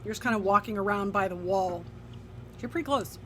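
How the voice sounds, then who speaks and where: A woman's voice: medium pitch, slight background noise. A woman acting as game master, narrating a tabletop role-playing game and calling out dice results with frequent laughter. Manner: bright, laughing and quick between dice rolls.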